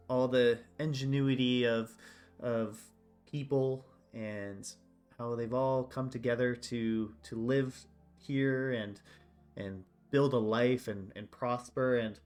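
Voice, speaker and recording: A man running a tabletop role-playing game, describing scenes casually with many fillers. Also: medium pitch. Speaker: game master.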